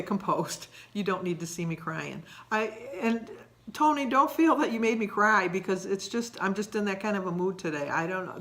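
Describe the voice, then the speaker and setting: A woman's voice: fairly low pitch, a bit bright. Older woman rambling through a daily vlog. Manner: rambling, emotional, self-deprecating. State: tearful at times. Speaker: vlogger. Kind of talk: casual daily vlog chat.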